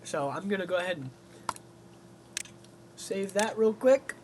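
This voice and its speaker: A man co-hosting a game stream, relaxed and thinking aloud as he plays. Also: high voice, measured pace, a little hiss or hum, low-quality recording. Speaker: co-host. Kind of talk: casual gameplay stream chat.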